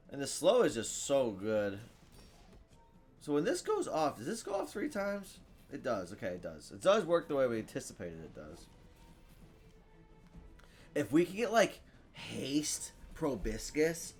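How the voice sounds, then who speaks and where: A man giving live commentary on his own game, thinking out loud, reading card text aloud and bursting into loud cheers. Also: medium pitch. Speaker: gameplay streamer.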